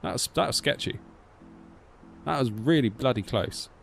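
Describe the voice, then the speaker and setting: A man's voice: mid-range voice, expressive, moderate pace, gravelly, faint music behind. A British man in his thirties chatting casually to a live-stream audience, rambling with lots of filler like "sort of". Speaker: flight sim streamer.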